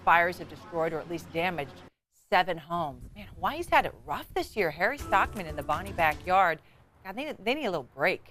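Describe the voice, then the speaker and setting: A woman anchoring a weekend morning newscast, reading stories briskly with chatty asides, from a TV studio. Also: on the low side, very animated, fairly bright tone, soft background music. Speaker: news anchor.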